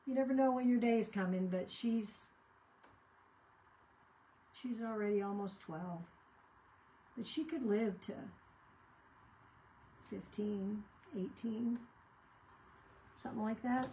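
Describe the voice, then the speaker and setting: A woman's voice: medium pitch, slow, long pauses, dark tone, a little hiss or hum, low-quality recording. An older woman chatting casually as she crafts at home, rambling and often trailing off mid-sentence. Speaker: crafting channel host. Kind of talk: casual chat while crafting.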